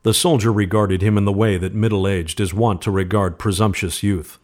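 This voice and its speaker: A man narrating a spooky storybook tale, steady and measured. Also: lowish voice. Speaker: podcast host. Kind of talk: storybook reading.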